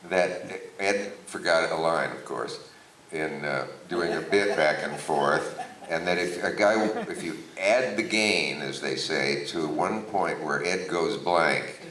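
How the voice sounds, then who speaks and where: A man's voice: low voice, noisy background. A man interviewing a guest on a theater stage, asking questions with wry, dry jokes. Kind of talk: onstage interview with a live audience. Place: theater stage before an audience. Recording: echoey theater, distant mic, audience.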